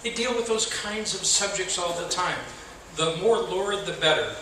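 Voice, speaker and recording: Slightly high-voiced man offering advice from a panel, echoey and noisy. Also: moderate pace, bright, forceful tone. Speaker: panelist, radio professional. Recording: echoey hall, recorded from far off.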